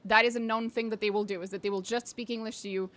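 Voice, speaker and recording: A woman's voice: medium pitch, steady tone, quick pace, fairly bright tone. A young woman streaming a game, chatting casually with her viewers, swearing and laughing often. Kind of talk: casual chat while gaming.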